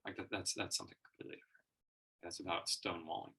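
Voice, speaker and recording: A man's voice: low voice, flat delivery, rapid-fire, sharp tone, slightly rough. A man giving a reflective livestream monologue as a personal growth teacher, searching for words and laughing often.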